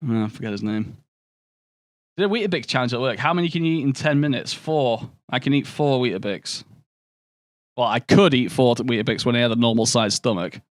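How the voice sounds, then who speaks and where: A man's voice: medium pitch, brisk, no room sound, studio quality. A young man casually commentating a game stream and chatting with viewers, swearing often and bantering.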